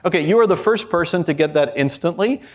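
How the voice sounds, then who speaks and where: Male conference presenter with a fairly high voice, speaking candidly and bluntly to a live audience. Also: lively intonation, fast talker. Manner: acts out quoted dialogue with shifting pitch.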